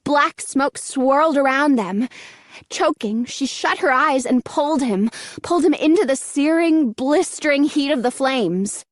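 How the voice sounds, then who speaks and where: A woman narrating an audiobook in a slow, measured reading. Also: high-pitched, no room sound, clean studio sound. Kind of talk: scripted narration.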